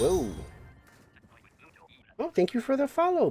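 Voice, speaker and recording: A man's voice: medium pitch, animated, a little slow, a little mellow, faint music behind. A man streaming a game, chatting casually and rambling through stories with frequent laughs. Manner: rambling storyteller, laughs often, acts out quotes. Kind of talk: casual gaming stream chat.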